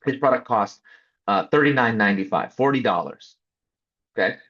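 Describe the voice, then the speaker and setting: A man tells a story with a lot of energy, slipping into the voices of the people he quotes. His voice is husky and a little breathy. The audio is dull and lo-fi, with the top end muffled. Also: medium pitch, moderate pace. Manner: lively storyteller who acts out quoted voices. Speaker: interview guest. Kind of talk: animated storytelling interview answer.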